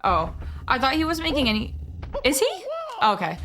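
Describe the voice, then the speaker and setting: A woman streamer in casual live-stream chat, chatty and excitable, swearing freely as she talks to her viewers. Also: a little high, moderate pace, slight background noise.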